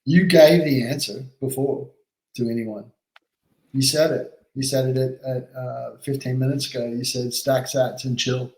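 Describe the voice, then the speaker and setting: An American man, a company head, talking with energy and fire as a guest in a casual podcast chat. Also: medium pitch. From United States. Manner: energetic, fiery, fast-talking. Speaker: exchange CEO guest. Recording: roomy echo.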